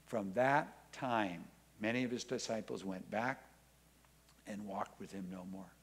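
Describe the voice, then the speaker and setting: A man's voice: lowish voice, measured pace, slightly rough. A man preaching a sermon in church, reading scripture aloud and acting out the voices in it with emphasis. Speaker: pastor.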